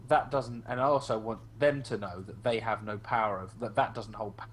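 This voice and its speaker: In a casual online group discussion, a man argues heatedly and profanely, mocking his opponents by imitating their voices. His voice is lowish with fairly even intonation and a slightly fast pace.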